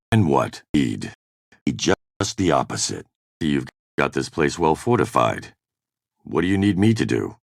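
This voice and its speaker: An actor playing a hard-bitten, mercenary privateer captain in video game voice-over takes, with curt, sardonic lines. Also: male voice, rumbling low, gravelly, dry recording, studio quality, heavily acted. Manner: curt, sardonic one-liners. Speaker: voice actor in game recording sessions.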